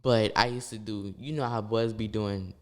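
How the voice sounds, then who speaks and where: Loud, lively young New Orleans man. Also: fairly low pitch, normal speed. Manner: loud animated storytelling, voice leaps up when excited. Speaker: guest dancer. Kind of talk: casual interview chat.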